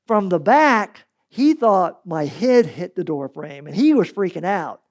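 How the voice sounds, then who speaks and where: A man preaching a sermon as pastor, telling stories in a lively way and swinging between loud and soft. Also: high-pitched, unhurried.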